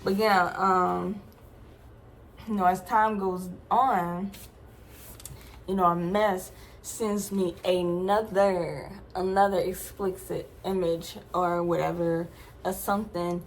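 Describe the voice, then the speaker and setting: A woman's voice: lowish voice, level tone, slow, slight background noise. A young adult woman vlogger telling a personal story in a casual, slangy, emphatic way, with many asides to her viewers.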